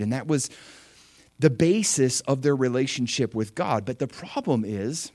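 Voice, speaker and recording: A man preaching a sermon, lively, acting out prayers and quotes. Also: mid-range voice, unhurried, no echo. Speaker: pastor.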